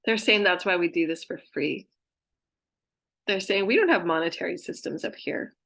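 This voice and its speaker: A woman's voice: on the low side, moderate pace, vocal fry, a bit bright. A woman talking casually as a spiritual channeler, gushing about her guides and breaking into laughter again and again. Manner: giggly, keeps breaking into laughter; affectionate, gushing. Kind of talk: casual chat, relaying messages from spirit guides.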